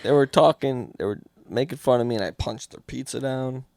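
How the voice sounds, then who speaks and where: A man's voice: mid-range voice, a little fast, gravelly, a little mellow, dry recording, clean studio sound. Profane, bantering man co-host. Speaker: podcast co-host. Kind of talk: casual comedic chat.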